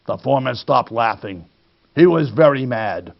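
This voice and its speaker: A man's voice: fairly high pitch, lively intonation, moderate pace, creaky, muffled recording. A man reading a children's storybook aloud expressively, addressing young listeners. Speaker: storytime reader.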